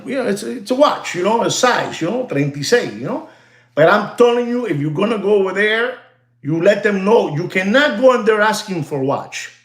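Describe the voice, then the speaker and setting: A man hosting a watch channel, ranting to his viewers in an animated, repetitive way and slipping into Spanish phrases. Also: sits high, reverberant. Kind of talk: livestream rant to viewers.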